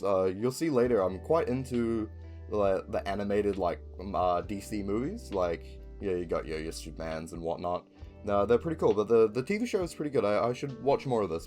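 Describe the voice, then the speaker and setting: Rambling young Kiwi man, lowish voice. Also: a little mellow. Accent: New Zealand. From New Zealand. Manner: rambling, swears often, frequent ums. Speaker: video creator. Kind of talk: casual chat.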